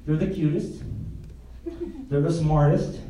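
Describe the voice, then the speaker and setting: An older man preaching a sermon to his congregation, alternating fervent shouting with quieter, chuckling asides. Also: fairly high pitch, steady tone, slow, slight background noise. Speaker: pastor. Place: church sanctuary. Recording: echoey church, heard from a distance, congregation audible. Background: congregation calling out responses.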